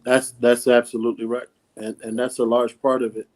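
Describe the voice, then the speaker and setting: A man's voice: medium pitch, level tone, a little fast, darkish tone, rough recording. A middle-aged man, a youth coach, talking earnestly and straight in a casual podcast conversation. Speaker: coach, mentor.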